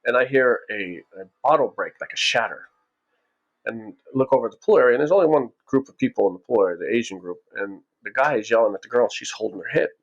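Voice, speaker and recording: A man's voice: medium pitch, animated, quick pace, muffled recording. A man casually telling a story from his own past, rambling with frequent restarts and acting out what people said.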